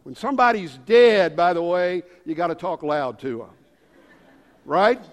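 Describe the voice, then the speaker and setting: High-voiced preacher man in his fifties. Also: big pitch swings, moderate pace. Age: 50s. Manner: dramatic, swings from loud calls to hushed low lines. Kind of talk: sermon. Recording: long hall reverb.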